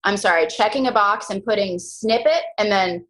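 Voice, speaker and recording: A young woman leading a team coaching call, chatty and animated, full of slang and quick asides. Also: rough recording. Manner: animated, chatty, slangy, jumps into high mock voices. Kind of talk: casual motivational team call.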